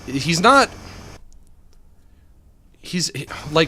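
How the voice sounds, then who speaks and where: Animated rambling male streamer. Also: on the high side, normal speed, slight background noise. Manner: animated, laughs often, mutters to himself while playing. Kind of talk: casual rambling commentary while gaming.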